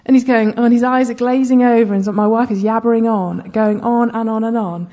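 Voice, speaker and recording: A woman's voice: a little high, fairly even intonation, fairly quick, mellow. A woman giving conversational Bible teaching, chatty, with humorous asides and frequent check-ins with her listeners.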